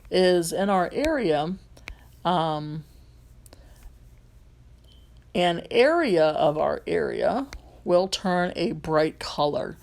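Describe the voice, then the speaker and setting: A lowish, slightly mellow voice belongs to a rideshare driver and vlogger with a light Southern accent. Casually explaining a phone tutorial, she rambles, restarting often and filling gaps with um.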